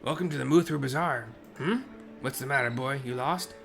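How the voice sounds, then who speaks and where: A man's voice: mid-range voice, fairly quick, creaky, a bit bright, soft background music. A man voicing a brusque male lizard-folk market crier in a game.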